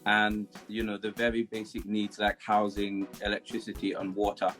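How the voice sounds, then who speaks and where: A man speaks with a British accent, his voice sitting a little low and staying quite even in pitch. He explains things calmly and steadily as a guest on a chat show. Soft music plays faintly in the background. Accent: British English. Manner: calm, measured explaining. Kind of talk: casual interview.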